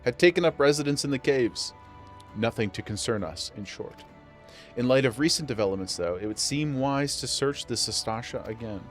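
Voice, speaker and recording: A man's voice: medium pitch, lively intonation, normal speed, faint music behind, lightly acted. Man reading as a stiff naval commander. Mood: formal. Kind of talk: reading game dialogue aloud.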